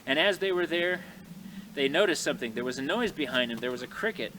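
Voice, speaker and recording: A man telling a frontier tale in a folksy, animated way, speaking to his audience outdoors in snowy woods. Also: fairly high pitch, fast talker, noisy background. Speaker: living history storyteller. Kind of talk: folksy oral storytelling.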